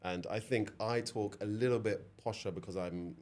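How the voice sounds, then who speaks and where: A man's voice: lowish voice, steady tone, heavy background noise. A man in his thirties from London, hosting a podcast interview in a chatty way, laughing often and filling his talk with "like". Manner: chatty, quick to laugh, lots of "like". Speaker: podcast host. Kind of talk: casual interview chat.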